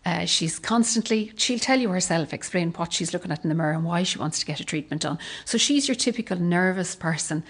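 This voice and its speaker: A woman's voice: fairly low pitch, animated. An Irish woman who runs a clinic, chatting casually with many fillers while giving a tour of the rooms and stairs. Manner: chatty, rapid, full of fillers. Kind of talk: casual chat during a walk-through.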